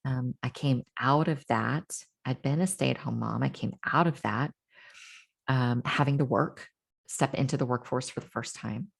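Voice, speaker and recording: Low gravelly woman telling her story. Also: unhurried. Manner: candid, reflective, many fillers and restarts. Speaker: guest. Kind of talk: personal story interview.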